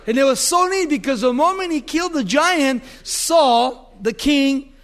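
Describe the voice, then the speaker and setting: A male preacher with a high-pitched voice gives an animated sermon. He retells scripture as a vivid story and often puts questions to his listeners. His delivery moves between excited and grave. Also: a little slow, hardly any pauses, slight background noise.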